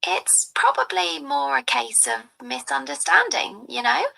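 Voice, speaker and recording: A synthetic female AI assistant voice, polite and measured, with formal phrasing. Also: high-pitched, huge pitch swings, creaky, bright, forceful tone, poor audio.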